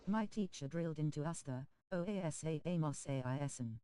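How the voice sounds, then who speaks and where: This is a synthetic voice reading viewer chat on a game stream. Its tone is soft and warm, and the delivery stays smooth and even. It reads emoji names and abbreviations out literally, with a dry, close sound. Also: mid-range voice, brisk, dry recording, low-quality recording. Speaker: text-to-speech chat reader on a game stream.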